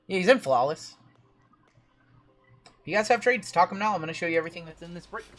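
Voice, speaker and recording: A man hosting a live-stream card break, chatty and reading lists of names quickly. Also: high voice, lively intonation, a bit bright.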